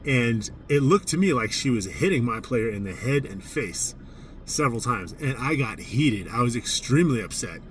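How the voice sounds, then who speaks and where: A man's voice: medium pitch, moderate pace, recorded from a distance, a little hiss or hum. A man, a judo coach, casually telling a story from a tournament in a candid, self-mocking way. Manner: candid, self-mocking, animated when recounting his outbursts.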